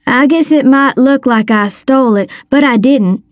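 A woman's voice: high voice, moderate pace, no echo, clean studio sound, natural voice. A woman voicing a timid young boy who stammers and pleads. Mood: nervous.

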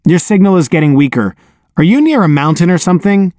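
A man's voice: sits high, lively intonation, fast talker, darkish tone, dry recording, clean studio sound, pitched above the performer's own voice. A man reading an audiobook, voicing a nerdy, timid genius boy who speaks matter-of-factly.

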